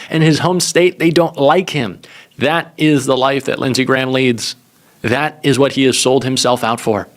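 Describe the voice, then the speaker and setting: A man doing political news commentary in a sarcastic, scornful way. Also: mid-range voice.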